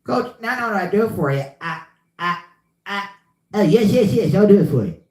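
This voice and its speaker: A man's voice: sits high, animated, fairly quick, a little mellow, pitched above the performer's own voice. A man voicing a simple-minded young male water boy, earnest and stammering, in an echoey room.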